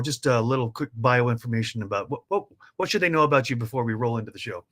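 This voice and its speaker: A man's voice: medium pitch, fast, a bit bright. A man co-hosting a live stream show, talking in an upbeat, playful and chatty way.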